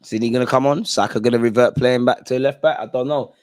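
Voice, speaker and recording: A man's voice: mid-range voice, fairly even intonation, quick pace, darkish tone. A young man hosting a live football watch-along, reacting to the match in an exasperated way and talking straight at the players and the referee.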